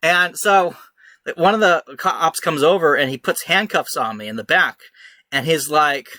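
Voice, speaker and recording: Bright-voiced young man telling a story. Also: on the high side, moderate pace, no echo. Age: young adult. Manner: animated storyteller, acts out shouted quotes. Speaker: podcast host. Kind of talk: casual chat, storytelling.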